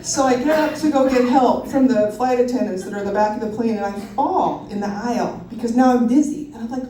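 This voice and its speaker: A woman in her thirties telling a personal story live on stage, animated and self-mocking, laughing often. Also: a little high, fast talker, slight background noise. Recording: roomy hall from a distance.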